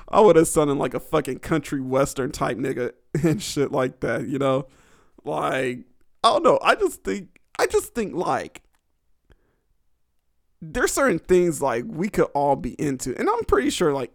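A man's voice: fairly high pitch, no room sound, studio quality. A young man hosting a podcast alone, rambling crudely with lots of fillers and frequent laughter. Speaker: podcast host. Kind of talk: casual solo podcast storytelling.

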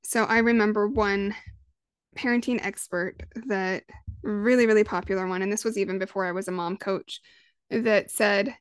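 A woman in her thirties, a parenting coach, talking through her ideas on her own podcast in a lively, conversational way. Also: medium pitch, moderate pace, clear, resonant tone, dry recording, studio quality. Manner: conversational, lively, acts out quoted voices. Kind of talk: solo podcast monologue.

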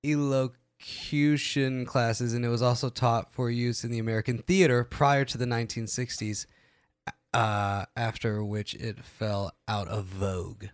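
A man co-hosting a podcast in casual chat, animated and quick to mimic voices for laughs. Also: mid-range voice, clean tone, no echo, clean studio sound. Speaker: podcast co-host.

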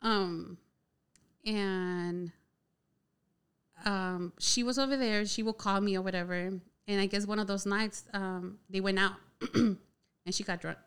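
Young woman guest, smooth clear voice, chatty storyteller who leans on "like" constantly. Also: medium pitch, a little slow. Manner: chatty, heavy use of "like" filler, animated retelling. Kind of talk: casual personal storytelling.

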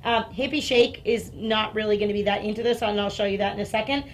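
A woman dog trainer explaining and demonstrating toys, breaking into excited praise for her dog. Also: quick pace, slight background noise. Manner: upbeat, bursts into high excited praise for the dog.

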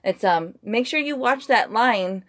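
An American woman co-hosts a casual chat podcast with a bouncy, lively melody to her speech. She sounds upbeat and giggles readily between lines. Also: on the high side, unhurried. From United States. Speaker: podcast co-host.

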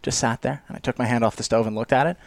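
A man from Canada co-hosting a podcast, telling a story in an animated, profane way. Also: mid-range voice, very fast, vocal fry, no echo. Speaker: podcast co-host.

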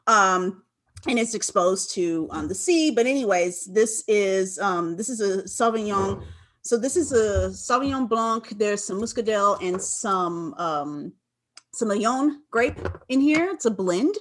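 A woman in her twenties from Los Angeles telling a story in casual chat, animated, swearing freely and acting out her own past lines. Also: mid-range voice, measured pace. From Los Angeles, California. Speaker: guest, wine enthusiast.

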